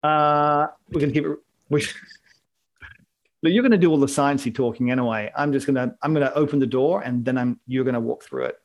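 A man's voice: medium pitch, normal speed. A man co-hosting a casual live podcast chat, joking and rambling and laughing often. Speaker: podcast co-host.

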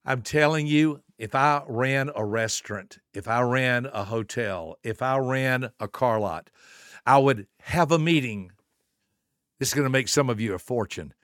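A man in his seventies hosting a motivational podcast, preaching with emphatic rhetorical questions and swinging between soft asides and booming lines. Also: measured pace, no room sound, studio quality. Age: 70s. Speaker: podcast host and motivational speaker.

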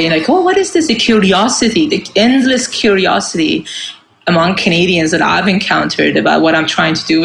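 A woman's voice: on the low side, vocal fry, roomy sound, a little hiss or hum. A woman in her forties from Iran, a singer speaking earnestly in a casual interview with many fillers and restarts. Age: 40s. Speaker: guest singer. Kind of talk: casual conversation.

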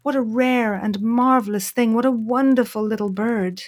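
A woman's voice: on the high side, moderate pace, natural voice. A great golden eagle, a god, speaks in a solemn and majestic voice, put on by a woman narrating a storybook. He is grave and commanding. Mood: moved.

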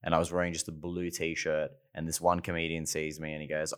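A man's voice: very deep voice, level tone, a little fast, few pauses, fairly bright tone, clean tone. A man, a stand-up comedian chatting casually and often restarting his sentences. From Australia. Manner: hesitant, repeats words when starting a thought. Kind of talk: casual podcast chat.

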